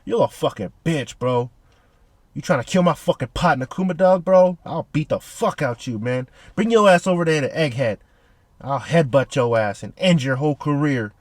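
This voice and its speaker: A man puts on a male scientist boiling over with rage, spitting curses and slang threats. The voice sits a little above his usual pitch. It is dry and close to the mic. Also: animated, moderate pace, a little mellow, no echo. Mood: furious. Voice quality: profane, trash-talking slang. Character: furious male genius scientist, foul-mouthed.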